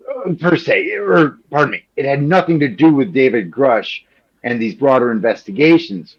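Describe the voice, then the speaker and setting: A man from Chicago, a journalist answering interview questions in an animated, quick way, full of "like" and little acted-out quotes. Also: medium pitch, slightly rough. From Chicago, Illinois. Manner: animated, quick, peppered with "like", acts out quoted politicians. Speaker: journalist guest. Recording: slightly muffled lo-fi audio.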